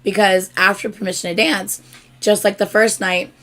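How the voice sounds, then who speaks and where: A young woman hosting a casual live stream, telling a story excitedly and swearing freely. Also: mid-range voice, normal speed. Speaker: host.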